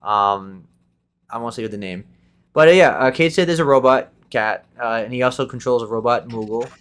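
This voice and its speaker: A man hosting a casual gaming podcast, rambling excitedly and restarting his sentences often. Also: mid-range voice, moderate pace, smooth. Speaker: podcast host.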